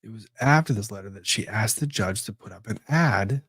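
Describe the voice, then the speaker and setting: A low-pitched man hosts an unhurried legal commentary stream, muttering to himself as he digs through files. The sound is dry and close, with no room around it. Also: lively intonation, fairly bright tone, breathy edge, no room sound. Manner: rambling, talks to himself while searching documents. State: disorganized after moving. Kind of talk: casual livestream commentary.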